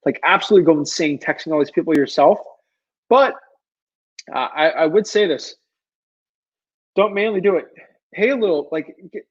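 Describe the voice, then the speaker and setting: A man's voice: a little high, husky, highs cut off. A man giving casual advice while answering viewer questions, earnest and pleading, rambling with lots of fillers. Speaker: real estate wholesaler answering viewer questions.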